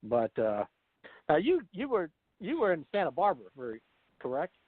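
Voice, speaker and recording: A man co-hosting a political talk radio show, telling stories in a chatty, animated way. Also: a little high, moderate pace, breathy edge, no echo. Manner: chatty storyteller, animated retellings. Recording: dry tinny phone line.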